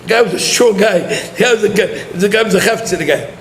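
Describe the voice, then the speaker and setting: A rabbi telling a story in a sermon, animated and laughing as he talks, mixing in Yiddish and Hebrew words. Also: high-pitched, quick pace. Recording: roomy echo with faint noise.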